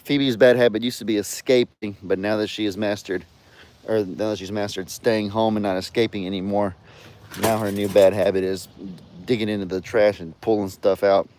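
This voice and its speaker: A man's voice: fairly low pitch, fairly even intonation, normal speed, a little mellow, a little hiss or hum. A man chatting casually on his farm in a vlog, cooing at his animals and telling viewers about his day. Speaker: farm vlogger. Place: outdoors on a farm.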